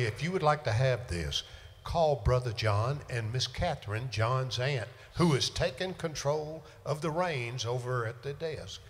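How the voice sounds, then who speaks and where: A man's voice: mid-range voice, slight background noise. An older man, a singer hosting a livestream show and telling folksy, joking stories between songs. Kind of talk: casual banter between songs. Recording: reverberant room with music.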